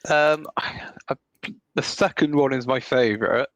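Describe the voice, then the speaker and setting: A man's voice: mid-range voice, a little slow, a bit bright, no room sound. A man co-hosting a gaming podcast in casual chat, giving brief, laid-back replies. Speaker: podcast co-host.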